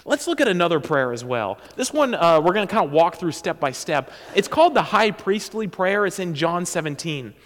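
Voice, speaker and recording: A man delivers a sermon to his congregation, talking in a casual, animated way. His voice sits fairly high and swings widely in pitch. The sound carries the long reverb of a church hall. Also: normal speed, few pauses. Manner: animated, conversational preaching with asides and self-corrections. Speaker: pastor. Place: church sanctuary.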